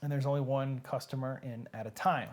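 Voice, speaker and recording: A man's voice: mid-range voice, fairly even intonation, brisk. A man hosting a live-streamed reading show, chatting casually and joking straight to his viewers. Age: adult with nieces and nephews who have babies.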